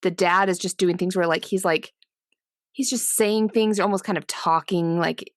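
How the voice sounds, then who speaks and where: A woman's voice: fairly low pitch, steady tone, moderate pace, dry recording, studio quality. A woman co-hosting a podcast, discussing a film in a loose, restarting way full of "like". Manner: talks in loose restarts, lots of "like". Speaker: podcast co-host. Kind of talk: casual movie-review chat.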